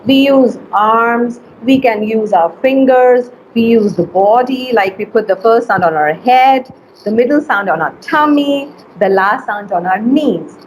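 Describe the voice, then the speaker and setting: A woman teacher giving an online phonics lesson, slowly stretching and sounding out letters and words. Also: on the high side, lively intonation, darkish tone, highs cut off, slight background noise.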